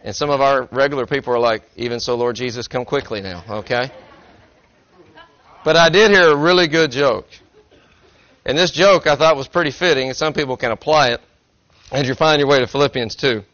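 A man's voice: mid-range voice, fairly quick, pauses often, fairly bright tone. Folksy joking man preaching a sermon. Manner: folksy, self-deprecating, joking. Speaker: pastor. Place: church sanctuary. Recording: dry, slightly dull recording.

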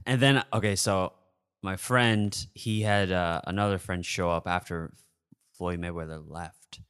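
A man's voice: low voice, fairly even intonation, measured pace, fairly bright tone, smooth. A young man from Michigan co-hosting a podcast, telling a story in casual chat and acting out quotes with bursts of laughter. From Michigan, USA. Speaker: podcast co-host.

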